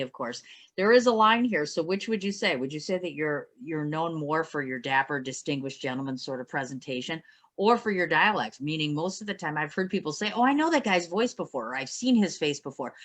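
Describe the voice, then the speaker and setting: A woman's voice: low-pitched, fairly bright tone. A woman hosting an interview, asking long questions in an enthusiastic, exclamatory way. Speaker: interview host. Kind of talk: casual interview.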